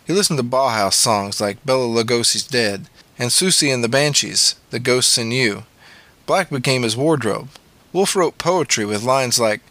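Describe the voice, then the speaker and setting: A man's voice: medium pitch, pushed and bright, no echo. A man narrating a memoir audiobook in a plain, matter-of-fact way.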